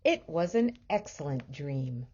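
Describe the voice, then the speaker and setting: A woman teacher reads a children's book aloud in a gentle, expressive voice. She is low and mellow, a little husky, and moves slowly with a lively melodic lilt. The recording sounds muffled and lo-fi. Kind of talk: storybook read-aloud.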